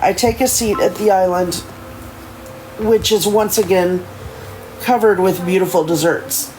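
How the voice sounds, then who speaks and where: Livestream book reader, mid pitch, stumbles and self-corrects, faint background noise. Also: steady tone, measured pace, darkish tone, rough recording. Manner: stumbling first-person narration with frequent self-corrections. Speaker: streamer reading a book aloud. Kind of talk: reading a novel aloud on a livestream.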